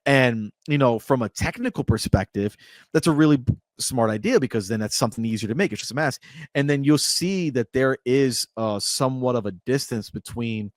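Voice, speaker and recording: A man co-hosting a movie podcast, retelling scenes in an animated, excitable way in casual chat. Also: medium pitch, normal speed, no echo, studio quality. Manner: animated storyteller, acts out scenes. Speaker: podcast co-host.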